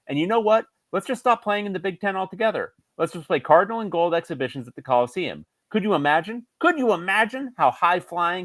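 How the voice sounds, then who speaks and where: A man's voice: a little high, fairly bright tone, no room sound, pitched above the performer's own voice, lightly acted. Man putting on a whiny ranting sports fan. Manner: whiny, exasperated rant.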